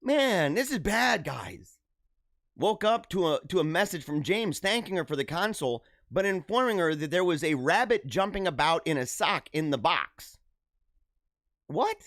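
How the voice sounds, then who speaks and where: Laughing often, this livestream host cracks jokes and gets animated while commenting on a news story. He speaks at a normal speed in a slightly high voice. The sound is studio quality with no room sound.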